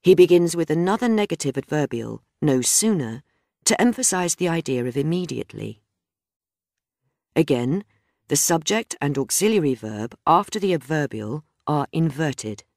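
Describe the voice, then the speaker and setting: A woman reading a scripted grammar lesson in a measured, explanatory way. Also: low-pitched, animated, gravelly, a little mellow, no echo, studio quality. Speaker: grammar teacher. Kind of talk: scripted instructional narration.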